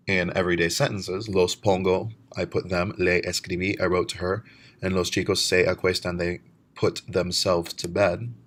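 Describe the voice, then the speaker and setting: A man teaching a recorded lecture, explaining step by step and slowing down to model words. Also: deep voice.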